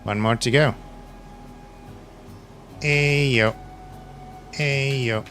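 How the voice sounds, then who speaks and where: Slow, low-voiced man streaming a game. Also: faint music behind. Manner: relaxed, mutters to himself while playing. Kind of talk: casual gameplay commentary.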